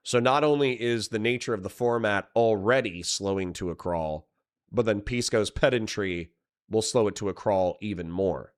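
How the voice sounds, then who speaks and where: Low smooth-voiced male streamer. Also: normal speed. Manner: rambling, profane, reads chat aloud. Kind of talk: casual live-stream commentary.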